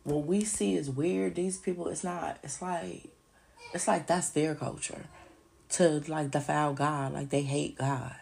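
A woman's voice: deep voice, fairly even intonation, unhurried, vocal fry, a little mellow, a little hiss or hum. A woman hosting a podcast alone, ranting in a heated, profane delivery. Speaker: podcast host. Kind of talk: solo podcast rant.

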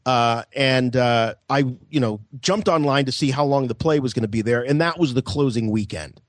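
Male podcast host, casual storyteller, lively and fairly high. Dry close sound. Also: normal speed, few pauses, no room sound. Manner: animated, laughing, acts out voices.

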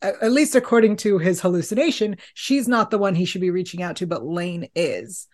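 A woman hosting a podcast, asking interview questions in a measured, unhurried way. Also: fairly low pitch, lively intonation, darkish tone. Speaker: podcast host.

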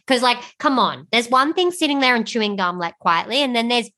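A woman co-hosting a casual podcast chat, animated, swearing freely and acting out what people said to her. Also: on the high side, a little fast. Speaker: podcast co-host.

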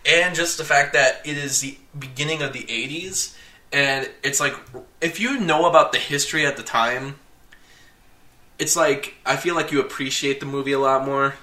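A man's voice: mid-range voice, moderate pace, pushed and bright, recorded from a distance. A man co-hosting a casual chat about movies, rambling with many fillers and laughing often, a bit away from the mic. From Minnesota. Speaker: podcast co-host. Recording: echoey room, a bit off mic.

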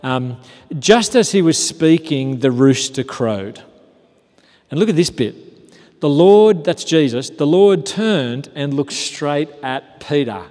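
A pastor delivering a sermon in a casual, storytelling way, full of rhetorical questions. His voice sits slightly high, moving between lively stretches and quiet, hushed ones. The room is a large hall that leaves a long reverb trailing after his words. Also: slow.

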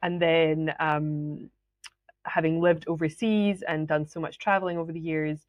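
A woman's voice: sits low, steady tone, a little slow, no room sound. A woman with a Scottish accent hosting a solo podcast, telling stories in a chatty way and often laughing. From Scotland. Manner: chatty, laughs often, acts out quoted voices. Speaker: podcast host.

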